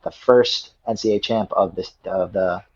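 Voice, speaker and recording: A young man with a fairly low voice tells a story in a loose, rambling way, stumbling over words and restarting often. The sound is dull and lo-fi. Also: steady tone, moderate pace. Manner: rambling, repeats words, many fillers. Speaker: guest wrestler. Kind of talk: casual storytelling. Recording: dull lo-fi audio.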